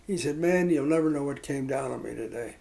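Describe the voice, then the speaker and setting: Gravelly older man telling stories. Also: medium pitch, mellow, rough recording. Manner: rambling, halting with fillers and restarts. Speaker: interviewee. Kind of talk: reflective storytelling.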